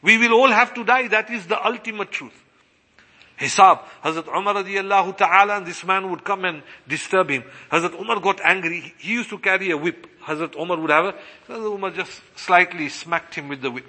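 A man preaching a sermon with passion, slowing down to stress his points. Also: high-pitched, bright, forceful tone. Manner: impassioned, slows for emphasis, acts out quoted voices. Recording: long hall reverb.

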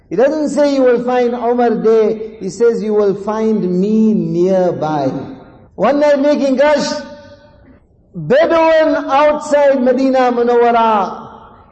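A man's voice: extremely high pitch, a little mellow, lo-fi sound. Male preacher, fervent sermon storyteller, long hall reverb on the voice. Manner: fervent, repeats lines for emphasis.

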